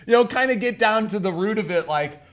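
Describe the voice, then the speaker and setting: A young man co-hosting a loose chat show, his voice sitting a touch high for a man. He rambles and swears freely, telling stories with a lot of animation. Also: brisk. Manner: profane, rambling, animated storytelling. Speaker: podcast co-host. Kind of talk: casual chat.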